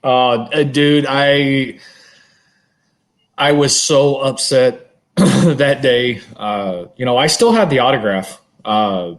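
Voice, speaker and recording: A man co-hosting a podcast, telling a long story in casual, animated chat and swearing freely. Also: medium pitch, slow pace. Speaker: podcast co-host.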